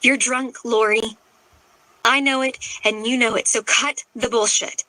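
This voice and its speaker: A woman's voice: high-pitched, expressive, normal speed, bright, forceful tone, no room sound, pitched above the performer's own voice, heavily acted, low-quality recording. A woman voicing an angry, protective teenage girl confronting her sister with firm, raised words.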